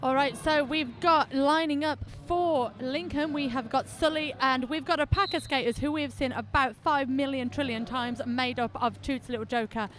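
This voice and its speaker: A woman's voice: high-pitched, moderate pace, hardly any pauses, fairly bright tone. A woman from New Zealand commentating a roller derby game live, chatty and playful, bantering with her co-commentator.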